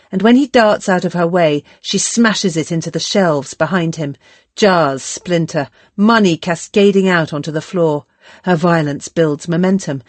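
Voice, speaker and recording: A woman reading an audiobook in a measured, steady scripted narration. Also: on the low side, no room sound.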